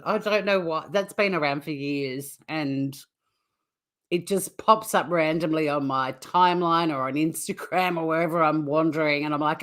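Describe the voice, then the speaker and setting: Female streamer, slightly low voice, laughs helplessly between blunt, sweary remarks to her viewers. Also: moderate pace, fairly bright tone. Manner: giggly, breaks into helpless laughter. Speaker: true crime YouTube host. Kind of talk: casual livestream chat.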